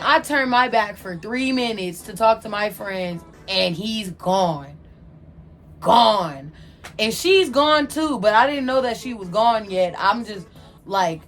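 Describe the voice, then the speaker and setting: A young adult woman telling a casual storytime from her own life, animated, slangy and candid. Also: medium pitch. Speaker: vlogger telling a personal story.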